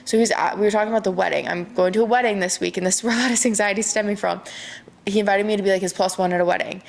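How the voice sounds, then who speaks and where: A young woman speaking at a middling pitch hosts a solo podcast in a loose, diary-like chat. She rambles openly, confiding in her listeners, with frequent "like" and "um" fillers. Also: fairly even intonation, racing, vocal fry. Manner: rambling, open and confiding, heavy use of "like". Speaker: podcast host.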